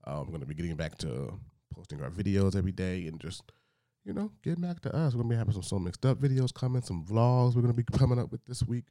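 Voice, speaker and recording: Dry low-key man with a deep voice. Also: very animated, quick pace, mellow, no room sound. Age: 30s. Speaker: podcast co-host. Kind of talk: casual chat.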